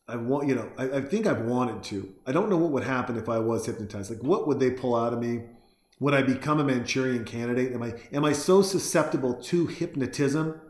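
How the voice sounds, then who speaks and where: A man's voice: medium pitch, echoey room. A man casually reacting to a film at home over a beer, rambling, joking and swearing as he acts out lines. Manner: rambling, profane, jokey, acts out quotes. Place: home room.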